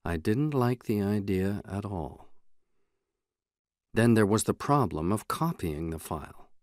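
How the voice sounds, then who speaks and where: A man reading a novel aloud in the first person, in a measured, even way. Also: fairly low pitch, no room sound, studio quality. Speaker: audiobook narrator. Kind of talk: scripted audiobook narration.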